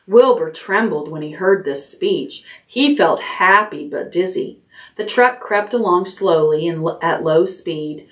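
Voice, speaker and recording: A woman librarian reading a children's chapter book aloud at bedtime, gently, raising her voice for the characters' lines. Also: animated, a little slow. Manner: gentle storytelling, lifts pitch for character lines.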